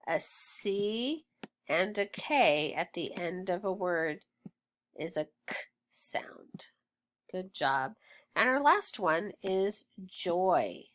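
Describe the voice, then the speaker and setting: A woman teaching phonics, who sounds out words slowly and patiently and praises the learner. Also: fairly low pitch, animated. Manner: patient, encouraging, stretches sounds out. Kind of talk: slow, clear phonics drill.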